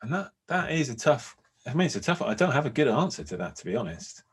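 A man's voice: medium pitch, big pitch swings, fast, slightly rough. A man co-hosting a podcast from home, musing thoughtfully in casual chat, often hesitating. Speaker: podcast co-host and agile coach.

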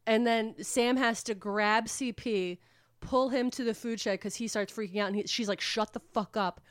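A woman casually recapping a book plot on a podcast, rambling and animated, with swearing. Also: on the high side, moderate pace, no echo, studio quality. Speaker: podcast co-host retelling a book. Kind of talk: casual chat.

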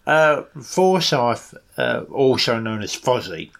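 Gravelly, rambling co-host. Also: male voice, medium pitch, very animated, a bit bright. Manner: rambling, halting, starts over often. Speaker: podcast co-host. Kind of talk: casual comedic chat.

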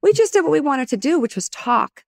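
A middle-aged woman tells a career story in an animated, conversational way, slipping into the voices of the people she quotes. Her voice is recorded close and dry, with no room sound. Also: high voice, brisk, gravelly, dry recording. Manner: animated, acts out quoted dialogue. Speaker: guest, TV news anchor.

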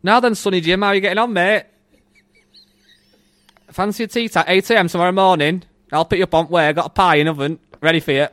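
A loud, chummy older father-in-law, pushing his early tee time, as a podcast host puts him on. The voice sits well above his usual pitch and is recorded dry and close. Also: fairly even intonation, fast, no room sound. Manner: booming, chummy, pushy. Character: bluff older northern English father-in-law golfer.

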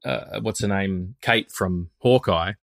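A man's voice: low voice, slow, creaky, a bit bright, dry recording, studio quality. A man guesting on a casual film podcast, often stammering and restarting mid-thought, with the odd swear. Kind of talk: casual film review chat.

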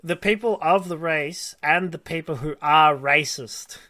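Bright-voiced rambling podcast co-host man. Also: fairly high pitch, measured pace. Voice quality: bright, rambling with many restarts. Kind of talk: casual chat.

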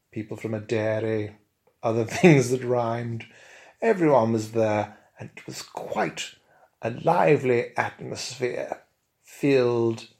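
A man's voice: medium pitch, a little mellow. A man improvising a comic tale in a pompous, plummy, mock-grand manner, chuckling through his lines. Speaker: comic storyteller.

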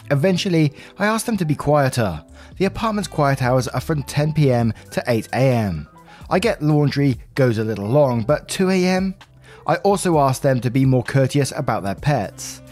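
A man's voice: medium pitch, a little mellow. A man hosting a channel, casually reading aloud online stories about neighbours in a chatty, friendly way.

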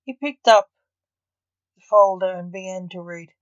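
A woman, the author, reading her own story aloud in slow, measured storybook narration. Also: fairly low pitch, steady tone, dry recording, highs cut off.

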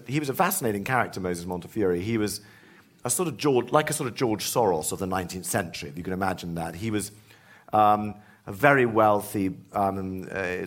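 A man, an author and historian, telling lively stories in conversation, full of asides and restarts. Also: fairly low pitch. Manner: animated anecdotes with many restarts and asides. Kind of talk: storytelling in conversation.

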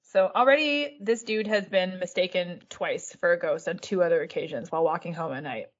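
A woman's voice: on the low side, fairly quick. A woman hosts a casual podcast, spinning a history story in a breezy, offhand way. She swears freely and is amused by her own material. The recording sounds slightly dull and lo-fi. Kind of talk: casual chat.

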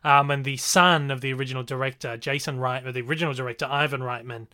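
Bright, clear-voiced man reviewing films. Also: medium pitch, steady tone, fast talker. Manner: enthusiastic, rambling with fillers and restarts. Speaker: film reviewer co-host. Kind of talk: casual film review chat.

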